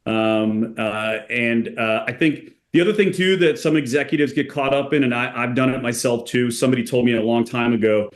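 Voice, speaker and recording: A man speaking as a company executive guest in a conversational podcast interview, relaxed, using many casual fillers and getting animated when he tells stories. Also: medium pitch, fairly quick, hardly any pauses.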